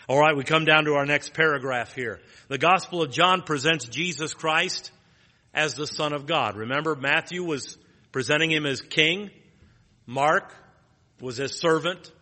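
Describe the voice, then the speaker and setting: A man's voice: on the high side, bright, forceful tone, big-room sound. A man teaching a Bible lesson in a plain teaching tone, asking rhetorical questions and restarting phrases.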